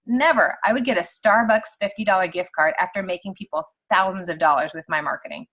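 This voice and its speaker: A woman's voice: mid-range voice, a little fast, hardly any pauses. Woman in her 30s leading a team video call, chatty and upbeat, mid-range voice, lots of "like". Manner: chatty and animated, heavy use of "like". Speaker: team leader on a sales call. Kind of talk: casual motivational talk.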